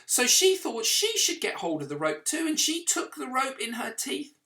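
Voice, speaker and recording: A man telling a children's story as a vicar, in an animated way, with sound effects and questions to the listening children. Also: very high-pitched, moderate pace.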